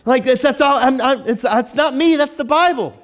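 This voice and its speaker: A man's voice: very high-pitched, normal speed. A man preaching a casual sermon as pastor, chatty and joking, with frequent restarts and fillers. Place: church.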